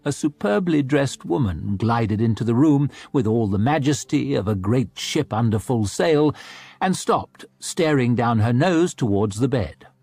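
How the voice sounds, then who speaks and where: A male narrator reading a fantasy audiobook with animated, expressive delivery. His voice is husky and mid-pitched, close to the mic in a dry recording. Faint music plays underneath. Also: a little slow, no room sound. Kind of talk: scripted narration.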